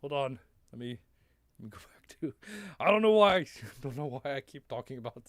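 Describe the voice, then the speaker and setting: A man's voice: mid-range voice, expressive, a little fast, fairly bright tone, dry recording, studio quality. A man hosting a live comics review stream, talking in a sarcastic, rambling way that keeps interrupting itself. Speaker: host.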